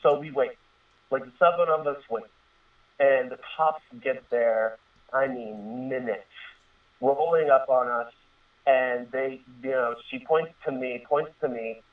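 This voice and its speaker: A man's voice: medium pitch, a little slow, recorded from a distance. Man, thirties, earnest rambling storyteller, tinny phone-line sound. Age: 30s. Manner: earnest, rambling, many fillers and restarts. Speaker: guest telling a personal story. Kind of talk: casual spoken storytelling.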